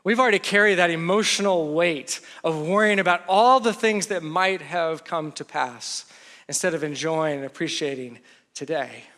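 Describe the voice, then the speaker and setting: A man's voice: fairly high pitch, normal speed, sharp tone. A man, a pastor with a young daughter, preaching a conversational sermon, mixing humor and acted-out quotes into his teaching.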